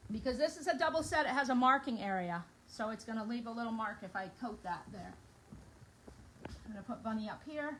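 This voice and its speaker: A woman's voice: medium pitch, slight background noise, poor audio. A middle-aged woman chatting casually as she demonstrates a craft project in her home kitchen, bubbly and talking while she works. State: out of breath. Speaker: craft vlogger. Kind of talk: casual demo chat.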